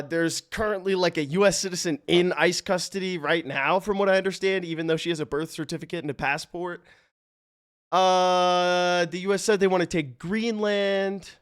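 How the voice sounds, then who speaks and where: A man livestreaming, telling stories and chatting casually with his viewers, animated and loose with swearing. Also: sits high, smooth. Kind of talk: casual chat with stream viewers.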